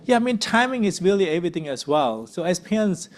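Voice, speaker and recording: A man's voice: high voice, very animated, fast. A man leading a church parenting workshop in casual group discussion, conversational and always asking "right?". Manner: conversational, frequent tag questions. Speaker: uncle.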